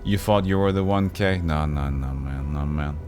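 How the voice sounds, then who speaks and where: A man's voice: a bass voice, moderate pace, a little mellow, soft background music. A man streaming a story game, reading the narration and joking with his chat in a self-deprecating way. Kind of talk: reading a game aloud on a livestream, chatting with viewers.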